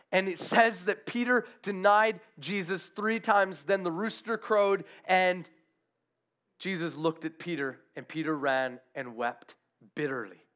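A man preaching a sermon, telling a Bible story with animated, acted-out quotes. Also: a little high. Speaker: pastor.

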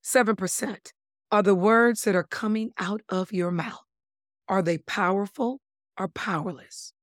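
A woman speaking as a body language expert in a casual interview, talking in an animated, emphatic way with playful wordplay and calling listeners "my lovelies". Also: mid-range voice, unhurried, no room sound, studio quality.

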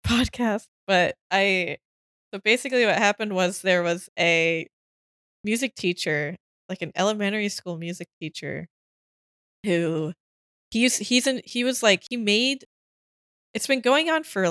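A woman's voice: mid-range voice, a bit bright, dry recording, clean studio sound. A woman chatting casually on a podcast, laughing often and trailing off into restarts. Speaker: podcast panelist.

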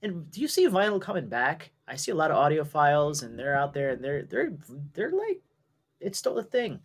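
A man's voice: fairly high pitch, wildly swooping pitch. A man co-hosting a podcast in casual chat, stumbling and restarting his sentences. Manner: halting, restarts a lot. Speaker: podcast co-host.

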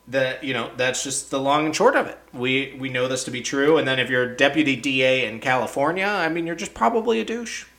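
Profane, ranting young man podcaster. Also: sharp tone. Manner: profane, incredulous rants that spike up in pitch. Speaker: podcast host. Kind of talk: casual recap chat.

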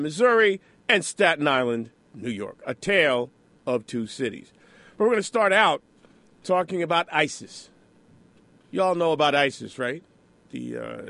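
Guy hosting talk radio, really expressive up and down delivery, punchy, kinda preachy commentary. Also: a little high, vocal fry, dry recording. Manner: animated, rhetorical, conversational. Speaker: radio talk show host. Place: radio studio.

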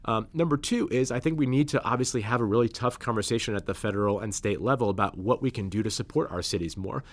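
A man's voice: lowish voice, fast. A man, a state legislator, answering listener questions on a podcast in an earnest, explanatory way, setting out his points one by one. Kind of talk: podcast policy discussion.

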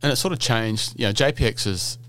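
A man's voice: on the low side, a little fast, fairly bright tone. A man hosting a podcast interview, speaking conversationally and thinking aloud with lots of "you know". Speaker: podcast host.

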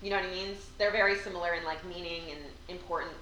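A woman's voice: lowish voice, steady tone, racing, bright, forceful tone. A woman co-hosting a casual chat, reading poems aloud and teasing her friend playfully. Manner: playful, teasing, laughs often. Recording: echoey room, slightly distant mic, faint background hiss.

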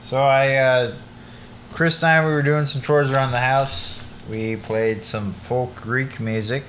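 A male podcast co-host in loose, casual chat. He rambles and jokes at an easy pace, and his voice sounds bright and present. A faint hiss sits under the recording. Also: medium pitch, fairly even intonation, a little slow. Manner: rambling, laid-back, joking, many "like" and "literally" fillers.

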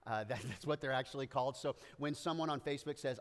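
A man's voice: on the high side, quick pace, hardly any pauses, long reverb tail. Joking man preaching with playful asides. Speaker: pastor. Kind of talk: sermon.

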